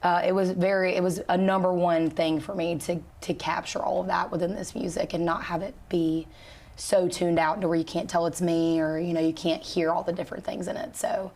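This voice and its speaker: A woman singer being interviewed, talking in a relaxed, chatty way with easy laughs and plenty of fillers. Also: lowish voice, brisk. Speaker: country singer and guest. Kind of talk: casual interview chat.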